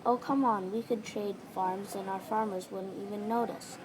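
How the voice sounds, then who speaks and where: A woman voicing a lonely, excitable young black sheep who gets loud when excited, read in a gravelly, low voice over a noisy home recording. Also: moderate pace.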